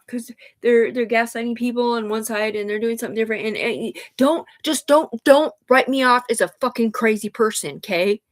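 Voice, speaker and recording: On a livestream, a woman with a slightly high voice talks fairly fast and barely pauses. She rambles in an agitated way, swears a lot, keeps restarting her sentences and calls her listener sir. She sounds upset and sighs.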